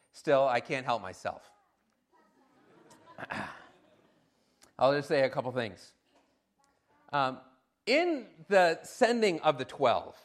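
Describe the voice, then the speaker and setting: Animated male preacher with lively pitch. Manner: animated and emphatic, with fillers. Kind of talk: sermon.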